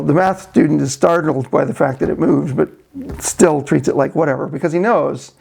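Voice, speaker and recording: A man's voice: a little high, gravelly, a little mellow, slightly rough, rough recording. A man casually telling a long joke to the camera in a rambling way, full of restarts and "you know". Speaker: video blogger.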